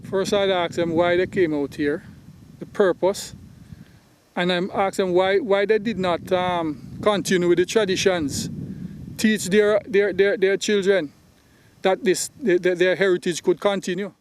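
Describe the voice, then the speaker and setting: A man's voice: high-pitched, steady tone, unhurried, a little hiss or hum, low-quality recording. A man speaking hesitantly outdoors, searching for words. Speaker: interviewee.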